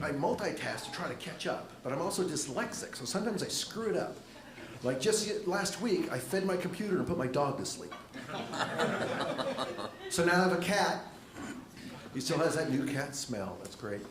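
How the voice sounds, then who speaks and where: Wry middle-aged comic, lively pitch. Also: male voice, background noise. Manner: dry, wry deadpan with lively jumps in pitch. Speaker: stand-up comedian. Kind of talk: stand-up comedy set. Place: comedy club on stage. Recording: echoey club room with audience laughter.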